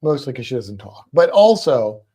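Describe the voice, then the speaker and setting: A woman's voice: very deep voice, sing-song, moderate pace, mellow. A woman co-hosting a casual livestream, playful and chatty, making silly noises and baby talk to a pet. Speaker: livestream co-host.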